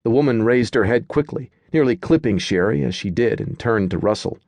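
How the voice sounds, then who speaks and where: Low-voiced male audiobook narrator. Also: animated, fairly quick, darkish tone, dry recording. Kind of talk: scripted narration.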